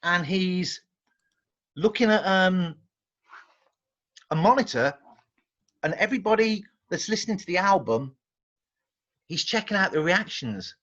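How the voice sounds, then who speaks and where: An English man with a fairly high voice tells tales in a loose, rambling way, tripping over restarts as he gets animated. He talks casually as a guest, and the audio sounds slightly muffled and dull. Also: unhurried, long pauses. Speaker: guest musician. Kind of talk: casual anecdote telling.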